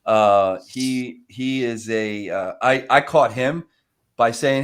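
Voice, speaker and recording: A man chatting casually on a podcast about cold calls, animated, laughing often and acting out phone calls in quoted voices. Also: mid-range voice, slow pace. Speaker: sales development rep.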